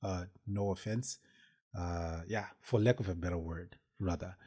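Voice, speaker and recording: Slow, low-voiced man telling a story. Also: warm tone, slightly rough. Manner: rambling, with many fillers and restarts. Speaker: podcast host. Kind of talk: casual personal storytelling.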